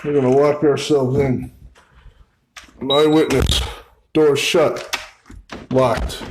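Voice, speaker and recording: A man investigating an old store at night, narrating to camera and calling out to spirits, swinging from loud calls to hushed asides. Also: medium pitch, level tone, slow, background noise. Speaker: paranormal investigator. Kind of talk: solo ghost-hunting vlog narration.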